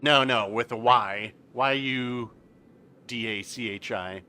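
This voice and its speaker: Bright-voiced chatty male game streamer. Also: mid-range voice, takes it slowly, slight background noise. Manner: chatty, reads out chat, explains game mechanics. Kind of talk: casual live-stream commentary.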